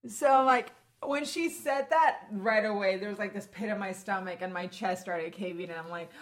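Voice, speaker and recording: A woman in her twenties telling a story in casual chat, animated and laughing as she acts out what others said. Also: medium pitch, moderate pace. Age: 20s.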